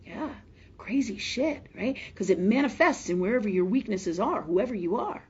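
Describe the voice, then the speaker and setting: A woman's voice: medium pitch, lively intonation, normal speed, slightly rough, lo-fi sound. A middle-aged woman hosting a live spiritual health show, telling a story emotionally and emphatically, swearing freely and often asking "right?".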